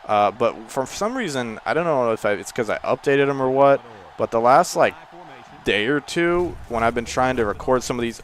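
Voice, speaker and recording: A man casually commenting on his own football video game play, rambling between plays and exclaiming loudly when something happens. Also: medium pitch, normal speed. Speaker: gaming channel host.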